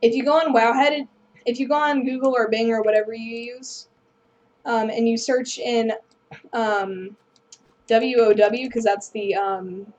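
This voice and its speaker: A woman's voice: fairly high pitch, steady tone, a little slow, darkish tone, highs cut off. A woman hosting a gameplay video, rambling through casual commentary and apologizing self-deprecatingly. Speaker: gaming video host.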